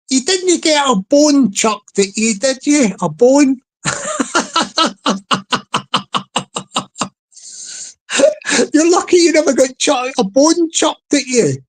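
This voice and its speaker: A man's voice: very high voice, sing-song, poor audio. A man on a casual live stream, playfully repeating a catchphrase and coaxing his chat to join in. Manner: repetitive, playful, drawn-out delivery.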